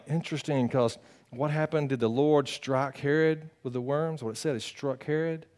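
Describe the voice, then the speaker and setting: With a fairly high voice and a moderate pace, this pastor gives an animated, conversational sermon. Loud bursts give way to quiet earnestness, and he teases the people listening.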